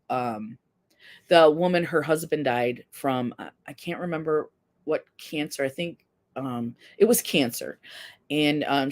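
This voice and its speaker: A woman in her fifties hosting a casual live stream, talking candidly and earnestly while reading viewer comments. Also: low voice. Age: 50s. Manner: candid, earnest, self-deprecating.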